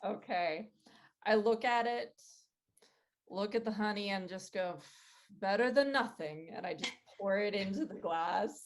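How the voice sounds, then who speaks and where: A woman player in a tabletop role-play, giving short relaxed replies. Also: mid-range voice, a little slow.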